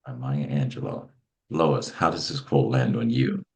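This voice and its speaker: A deep-voiced man hosts a motivational show with a gravelly edge to his words. He talks emphatically, repeating himself and calling out names. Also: fairly even intonation, unhurried. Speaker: host. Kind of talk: animated talk-show chat.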